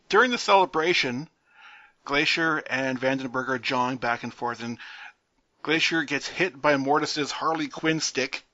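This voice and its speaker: A man's voice: medium pitch, pushed and bright, dry recording, dull audio. A man co-hosting a podcast, recapping a match in a joking, laugh-filled way. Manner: jokey play-by-play recapping, laughs often. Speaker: podcast co-host. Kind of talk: casual wrestling recap chat.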